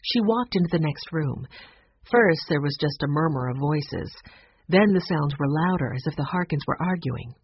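A narrator reading a children's storybook aloud in a clear, expressive way. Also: medium pitch, moderate pace, no echo. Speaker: audiobook narrator. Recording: dull lo-fi recording.

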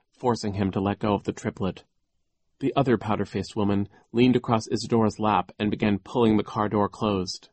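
A man reading a storybook as an audiobook narrator, in a measured, deliberate way. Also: lowish voice, no echo.

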